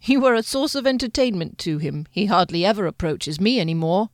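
A woman's voice: medium pitch, lively intonation, brisk, no echo, close to an everyday voice. A woman reading aloud voices a tall male mage who speaks dryly and teases his friend. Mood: teasing. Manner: dry, teasing.

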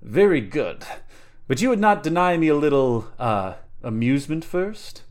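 A man's voice: a little high, very animated, moderate pace, voice pushed up. A man voicing a sardonic, lecherous mercenary captain in a story reading, speaking silkily. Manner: silky, sardonic.

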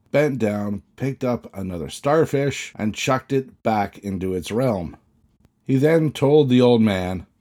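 Male pastor, lowish voice, sermon delivery with a storytelling turn. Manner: reads scripture slowly, then tells a story in a lively way.

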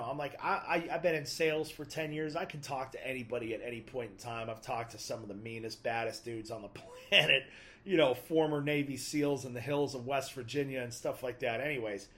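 Animated man telling a personal testimony. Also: fairly high pitch. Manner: animated, acts out his own inner dialogue, casual slang. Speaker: storyteller giving a personal testimony. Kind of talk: casual spoken testimony.

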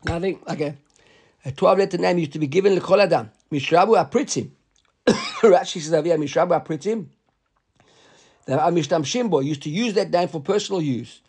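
A man's voice: fairly high pitch, wildly swooping pitch, darkish tone, husky. A man teaching a Talmud class, reading Hebrew and Aramaic aloud and explaining it in casual English with frequent asides. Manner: filler-heavy asides, halting restarts.

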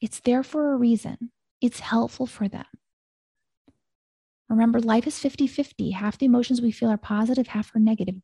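Gravelly, husky woman with a reassuring voice. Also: a little high, dry recording. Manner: gentle, reassuring, repeats calming phrases. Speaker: podcast host. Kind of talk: solo podcast teaching talk.

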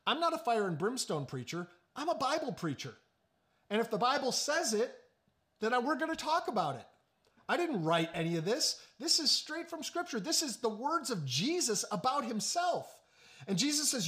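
A male pastor preaching a sermon in a high voice that swings widely in pitch. He leans into slow, hushed emphasis, then breaks into quick joking asides. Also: sing-song.

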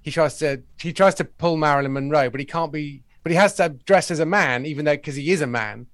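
A man's voice: a little high, brisk, dry recording, clean studio sound. Wry, chatty man in his forties. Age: 40s. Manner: wry, self-deprecating, chatty. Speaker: podcast guest, comedy writer. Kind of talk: casual chat.

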